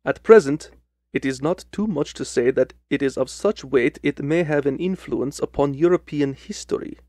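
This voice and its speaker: Brief: a man putting on a commanding, formal royal client for a radio drama, fairly high voice, dry close sound. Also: moderate pace, no echo, close to an everyday voice. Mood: grave. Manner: formal, commanding, louder than the narration. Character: proud, agitated male European king.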